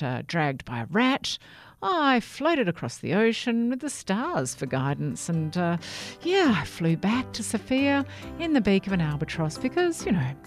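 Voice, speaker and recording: A woman voicing a brave, hopeful little male toothbrush in a storybook reading, speaking high, eager and slow.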